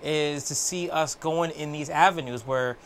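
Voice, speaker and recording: Laid-back podcast co-host, higher voice. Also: male voice, unhurried, a bit bright, slight background noise. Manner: laid-back, storytelling, drops into mock voices. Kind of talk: casual podcast chat.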